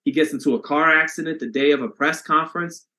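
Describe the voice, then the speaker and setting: Bright-voiced man hosting a chatty live stream. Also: on the high side, quick pace. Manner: chatty, reads out viewer comments, swears casually. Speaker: boxing live stream host. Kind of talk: casual live stream commentary.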